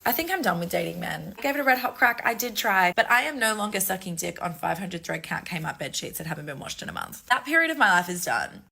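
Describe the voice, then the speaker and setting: Fast, gravelly woman ranting. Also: fairly low pitch, big pitch swings, bright, forceful tone. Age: 30s. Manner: blunt, crude and exasperated. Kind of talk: comedic rant to camera.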